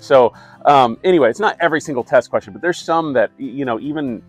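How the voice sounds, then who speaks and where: A man's voice: medium pitch, quick pace, faint music behind. A middle-aged man, a wastewater plant operator, chatting casually to his viewers with many fillers and wry asides. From California. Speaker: wastewater operator and YouTube host. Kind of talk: casual talk to camera.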